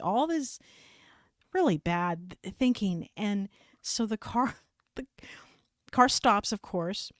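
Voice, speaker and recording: A woman's voice: medium pitch, expressive, slow, long pauses, dry recording, studio quality. A middle-aged woman co-hosting a faith podcast, telling a personal story in casual chat with laughs and restarts. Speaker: podcast co-host.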